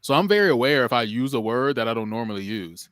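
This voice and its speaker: A man's voice: medium pitch, lively intonation, fast talker, a bit bright, smooth, no room sound, studio quality. A man co-hosting a podcast, musing aloud in a rambling way, full of fillers and restarts. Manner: reflective, self-aware musing. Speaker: podcast co-host. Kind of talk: casual podcast chat.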